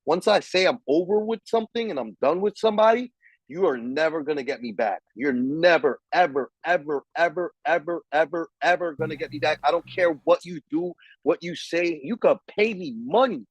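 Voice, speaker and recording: A man's voice: fairly high pitch, lively intonation, normal speed, slightly rough, dry recording, rough recording. A man hosting a podcast, ranting in heated, profane, emphatic casual talk. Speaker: podcast host. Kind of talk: casual chat.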